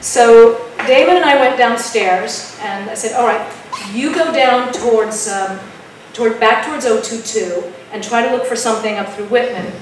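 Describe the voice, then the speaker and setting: A woman telling a spooky story at an open mic, dramatic and dropping to a hush at tense moments. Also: on the high side, moderate pace, few pauses, slight background noise. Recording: echoey room from far off.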